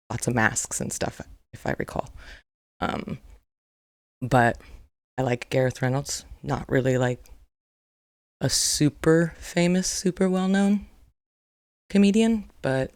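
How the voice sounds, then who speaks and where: Slow, chatty woman reacting to comedy. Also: sits low, darkish tone, no echo, studio quality. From Native American. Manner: chatty, laughs along, repeats punchlines. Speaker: reaction video host. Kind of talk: casual reaction commentary.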